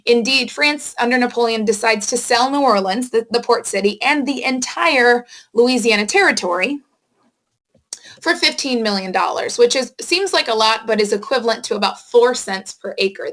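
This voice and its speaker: A woman with a somewhat high voice delivers a screen-recorded history lesson. She explains things to students in a plain, conversational way, adds casual asides, and fixes her own slips mid-sentence. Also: moderate pace, fairly bright tone. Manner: explanatory, addresses students directly with reminders; casual asides and self-corrections. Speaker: history teacher. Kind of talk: recorded classroom lecture. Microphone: screen-recording microphone.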